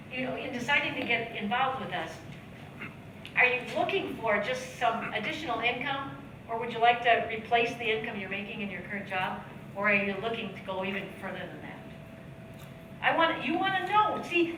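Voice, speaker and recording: Bright woman coaching a seminar room. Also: a little high. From United States. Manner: coaching the audience with rhetorical questions and acted-out sales dialogue. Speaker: sales trainer speaking at a seminar. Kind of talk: motivational seminar talk. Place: seminar room, heard from a distance. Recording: echoey room, distant mic, faint background noise.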